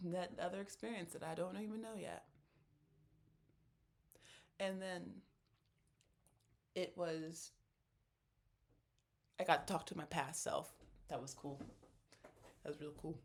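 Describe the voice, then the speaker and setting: A video creator in a casual, reflective monologue, speaking at an ordinary middle pitch with a lot of vocal fry. The talk rambles and restarts, and it stays earnest and openly emotional. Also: steady tone, slow pace, pauses often. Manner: rambling, with many fillers and self-corrections.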